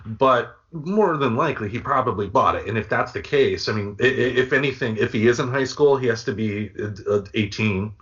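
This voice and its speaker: A man co-hosting a podcast, talking casually in halting, restarting sentences with jokey asides. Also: medium pitch, fairly bright tone. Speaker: podcast co-host. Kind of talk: casual chat. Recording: dull lo-fi podcast audio.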